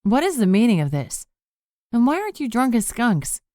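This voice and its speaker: A woman's voice: on the high side, big pitch swings, moderate pace, warm tone, no echo, clean studio sound, pitched above the performer's own voice. A woman reading as a bold young witch. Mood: defiant. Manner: firm, demanding. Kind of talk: audiobook character reading.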